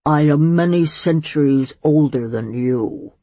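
A pompous, ancient swamp monster, as a woman reading a storybook puts him on, lecturing in a mild, grand way. His delivery is slow and a little husky. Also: sits low, mellow, dry recording.

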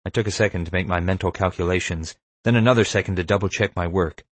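A man narrating an audiobook in a wry, measured storytelling manner. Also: sits low, no room sound.

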